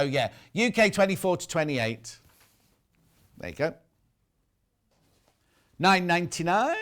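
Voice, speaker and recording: A man from the north-west of England hosting live sewing sales on a TV shopping channel, chatty and jokey. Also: fairly high pitch. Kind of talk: live TV selling and chat. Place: TV studio.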